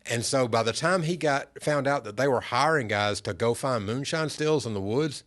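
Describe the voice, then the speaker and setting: A middle-aged man, a podcast guest, telling family stories in an earnest, unhurried way. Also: mid-range voice, fairly bright tone. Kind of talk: casual storytelling interview.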